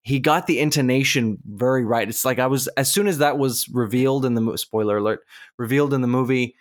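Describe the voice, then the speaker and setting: A man hosting a casual movie rating game with friends, announcing scores in a measured way. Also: mid-range voice. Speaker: game host.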